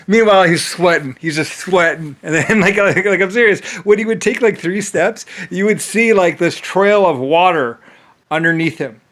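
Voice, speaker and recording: A man's voice: sits high, normal speed, fairly bright tone. A man telling a rambling story in a casual, profane way, full of fillers and laughter. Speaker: channel host.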